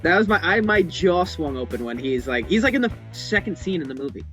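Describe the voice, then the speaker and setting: A man with a somewhat high voice chats eagerly on a podcast, filling his talk with "like". Faint guitar music sits under his voice. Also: big pitch swings, a little fast, fairly bright tone. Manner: chatty, eager, with many likes. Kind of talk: casual chat.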